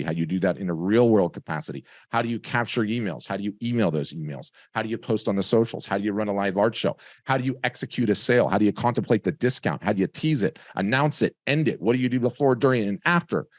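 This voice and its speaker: A middle-aged man hosting a webinar over a video call, giving a lively, conversational sales pitch. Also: fast talker, few pauses, no room sound, clean studio sound. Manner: lively, conversational, tells stories with acted voices. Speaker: webinar host.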